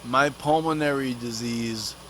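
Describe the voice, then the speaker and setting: Guy ranting slow n profane, lots of slang, talks bout himself in third person. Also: mid-range voice, bright, forceful tone, a little hiss or hum. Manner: rambling, street slang, swears a lot. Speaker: vlogger. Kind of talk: profane comic rant.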